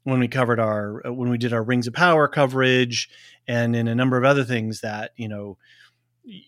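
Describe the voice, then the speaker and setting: A man's voice: medium pitch, steady tone, brisk, fairly bright tone, no echo, studio quality. A man co-hosting a casual podcast chat, talking in a rambling way with many restarts. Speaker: podcast co-host.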